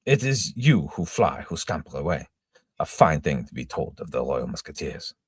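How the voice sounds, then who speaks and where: A man's voice: very deep voice, big pitch swings, moderate pace, slightly rough, dry recording, heavily acted. A man voicing a stern, commanding middle-aged male captain, speaking raised and emphatic. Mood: angry scolding.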